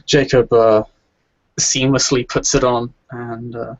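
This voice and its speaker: A man's voice: mid-range voice, little pitch movement, slow, dry recording. A man playing a tabletop role-playing game, describing his character's moves with many fillers. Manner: hesitant, with many fillers and restarts. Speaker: player. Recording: dry, dull lo-fi recording.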